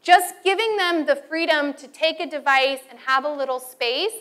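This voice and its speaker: Woman teacher, high bright voice, lively storyteller acting out her classroom anecdotes. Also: moderate pace. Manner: animated storytelling, acts out students and calls. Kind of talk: teacher training talk.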